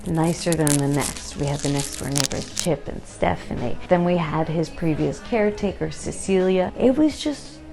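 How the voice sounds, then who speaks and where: Lady vlogger rambling about her kitchen redo, lowish voice, chatty, faint music underneath. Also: normal speed, creaky, few pauses. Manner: chatty and animated, laughing while telling stories. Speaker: home renovation vlogger. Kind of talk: casual chat.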